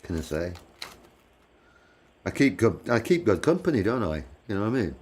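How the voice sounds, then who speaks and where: Male livestream host, English accent, low voice, loose teasing chat with constant laughter. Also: big pitch swings, normal speed, darkish tone, slightly rough. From England. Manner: laughs often, swears, chatty and teasing. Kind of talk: casual chat with live viewers. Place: living in the United States.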